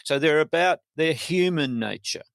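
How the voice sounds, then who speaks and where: A man's voice: fairly high pitch, expressive, normal speed, vocal fry, a bit bright, no room sound. An Australian man, a poet guest, talking in a hesitant, wry way with many restarts in a casual interview.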